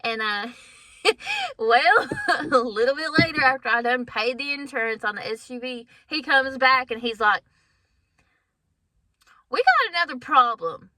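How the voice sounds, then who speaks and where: Bright-voiced woman in her thirties, chatty. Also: high-pitched, normal speed, dry recording. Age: 30s. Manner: candid and chatty, laughs often, addresses viewers as guys. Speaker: vlogger. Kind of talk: casual personal storytelling.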